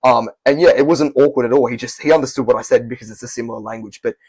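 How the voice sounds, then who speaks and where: Brief: young guy, casual vlog advice, quick and rambling, husky tone, dry close mic. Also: mid-range voice, a little mellow, no room sound. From Australia. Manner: fast, rambling, candid with self-corrections. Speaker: language learning YouTuber.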